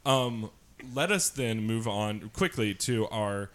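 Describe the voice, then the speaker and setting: A man's voice: on the low side, expressive, takes it slowly. A man hosting a podcast, joking and giggling through casual banter. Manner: jokey, giggly. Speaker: podcast host.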